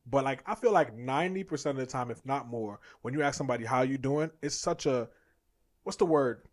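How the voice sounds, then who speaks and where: A man's voice: medium pitch, fairly quick. A young man co-hosting a podcast in casual chat, talkative and laughing often, acting out bits of small talk. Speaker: podcast co-host.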